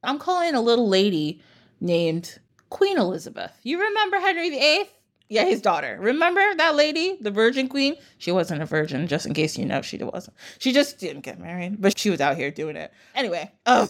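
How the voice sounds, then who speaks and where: Woman host telling a story casually, higher voice, laughs a lot, swears for fun. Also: big pitch swings, fairly quick, fairly bright tone. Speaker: podcast host.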